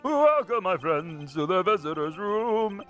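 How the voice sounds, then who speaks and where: A hammy prison guard , voiced by a man, announces himself in a high sing-song. Every phrase is stretched out like a stage act. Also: big pitch swings, measured pace, fairly bright tone, soft background music, heavily acted. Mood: showy. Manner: sing-song showman delivery. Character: theatrical rhyming male prison guard.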